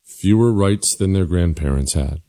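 A man's voice: sits low, a little slow, dark tone. A man hosting a talk show, delivering a combative, emphatic political commentary monologue.

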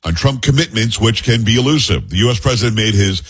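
A man's voice: fairly low pitch, lively intonation, quick pace, breathy edge. A man hosting a talk radio show, reading news stories aloud and breaking in with blunt personal opinions.

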